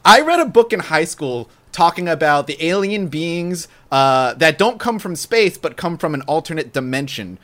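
A man's voice: on the high side, big pitch swings, moderate pace, few pauses, fairly bright tone. A man hosting a casual podcast chat, rambling and laughing often, with lots of "like". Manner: giggly, rambling, heavy use of "like". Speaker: podcast host.

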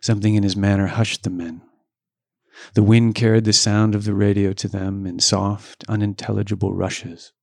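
A man's voice: lowish voice, moderate pace, vocal fry, dry recording, clean studio sound. A man reading a novel aloud in a casual way, shifting his voice for the dialogue. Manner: reads dialogue with lively voice changes and joking asides.

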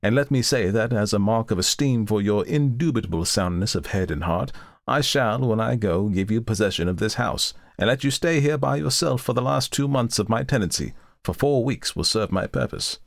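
A man's voice: on the low side, expressive, normal speed, gravelly, no room sound, studio quality, voice pushed up. A man voicing a formal, bookish young scholar in a storybook reading, courtly and wordy.

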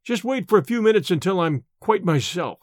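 A man's voice: high-pitched, animated, fairly quick, no room sound, studio quality. A man reading an audiobook and voicing a shaken, secretive male scholar who speaks in a faltering, breathless way. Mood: evasive. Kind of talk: audiobook character voice.

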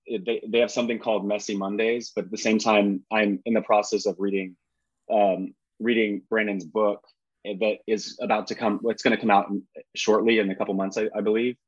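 A man in his thirties, a podcast guest, talking in a halting way with many restarts. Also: lowish voice, husky, dry recording, highs cut off. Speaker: podcast guest, actor and author. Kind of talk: casual chat.

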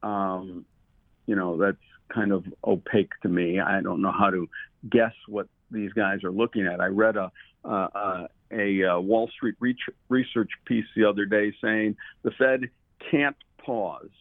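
Low gravelly man on a phone line. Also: steady tone, a little slow, no room sound. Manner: rambling, with many fillers and restarts. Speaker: guest commodities trader. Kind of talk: interview.

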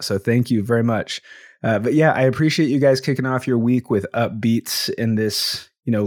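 A man's voice: medium pitch, darkish tone, no echo, clean studio sound. Upbeat chatty man hosting a podcast. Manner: upbeat, thankful, chatty with frequent fillers. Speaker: podcast host. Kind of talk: casual podcast monologue.

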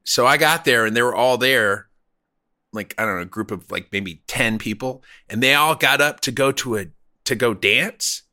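A man's voice: medium pitch, sharp tone. A middle-aged man casually telling a crude, rambling anecdote with frequent laughs. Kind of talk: casual storytelling.

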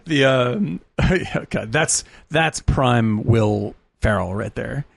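A man with a gravelly, fry-edged voice talks films on a podcast. He rambles with enthusiasm and swears freely. His pitch sits in a middle range for a man. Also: slow, no room sound. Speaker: podcast co-host. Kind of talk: casual film chat.

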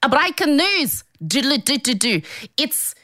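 Brief: a woman doing a loud street-corner news crier, put-on South African accent, clipped and bright. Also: sits high, very animated, unhurried, no room sound, studio quality, pitched above the performer's own voice, exaggerated voice. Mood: brash. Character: brash old-time woman newsboy shouting headlines.

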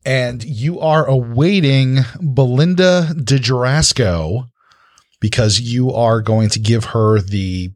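A man's voice: mid-range voice, slow. A man running a tabletop game as game master, narrating casually and loosely with fillers. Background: loud background music.

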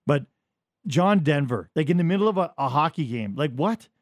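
Male guest, lively anecdote teller, bright lilting delivery. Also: fairly high pitch, normal speed, no room sound. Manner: lively, acts out voices in anecdotes. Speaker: guest sports journalist. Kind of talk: animated in-studio storytelling. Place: radio studio.

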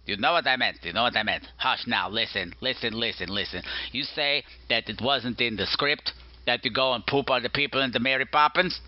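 A man's voice: mid-range voice, fairly quick, muffled recording, voice pushed down, close to an everyday voice. Man doing Flem, a rude mocking gargoyle. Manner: mocking, insulting, rambling and self-important. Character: rude, boastful male gargoyle, mischievous rebel.

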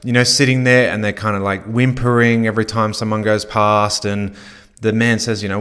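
Low-voiced man coaching casually. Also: flat delivery, moderate pace, fairly bright tone, smooth. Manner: conversational, many fillers, repeats himself. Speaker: podcast host. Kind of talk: casual podcast coaching talk.

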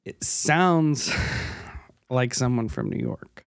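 A man's voice: mid-range voice, expressive, extremely slow, gravelly, dry recording. Man, podcast co-host, casual analytical chat, dry close sound. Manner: analytical, pointing out details, with restarts.

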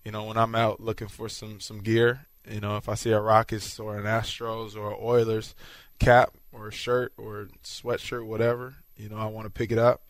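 Low, flat-voiced football player. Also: male voice, normal speed, no echo. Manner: relaxed, modest, fillers. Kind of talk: post-practice interview.

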